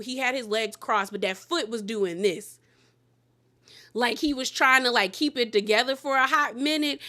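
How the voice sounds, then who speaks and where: A woman casually recapping a reality show, animated and laughing often, quoting people in sassy asides. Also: a little high.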